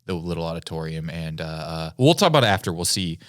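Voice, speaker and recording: A man's voice: low-pitched, expressive, dry recording, clean studio sound. A man riffing jokes in casual banter on a comedy podcast. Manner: joking, quick riffing banter.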